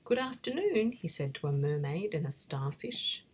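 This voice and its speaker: A woman reading a bedtime story in a soft, breathy whisper. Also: low-pitched, moderate pace, slight background noise.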